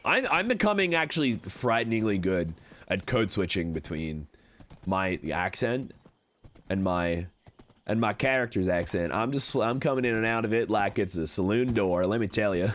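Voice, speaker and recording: A man talking to his chat between game moments, casual and amused, in a lower, easy everyday voice. His intonation still moves a lot, lively and animated. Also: normal speed. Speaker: streamer. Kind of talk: casual live-stream chat.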